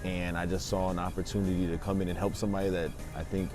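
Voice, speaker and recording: A man's voice: sits low, level tone, fast. A man restaurant owner speaking earnestly in an interview, repeating his words as he thinks. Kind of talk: casual interview. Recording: loud music bed under voice.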